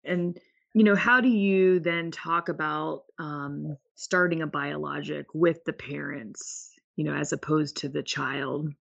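A woman hosting a medical podcast, asking the guest measured, guiding questions. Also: deep voice, fairly even intonation, gravelly. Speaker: podcast host. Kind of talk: interview questions.

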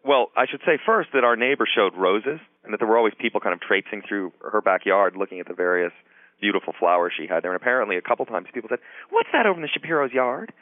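A middle-aged man, a guest author and psychiatry professor, telling stories in a radio interview with a relaxed manner and many "you know"s. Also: lowish voice, quick pace, no room sound. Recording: tinny phone-line call-in audio.

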